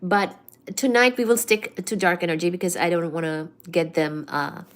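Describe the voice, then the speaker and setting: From home, a woman streams a casual study session live through her computer mic, chatting with many fillers and cooing to her cat in baby talk between topics. Her voice is fairly low and steady, at a moderate pace.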